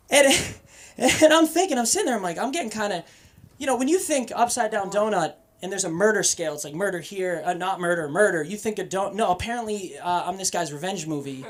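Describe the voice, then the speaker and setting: A young man from Boston doing an open-mic stand-up set, animated and profane, swinging between loud punchlines and muttered asides. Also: sits high, brisk. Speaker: stand-up comedian. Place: comedy club stage.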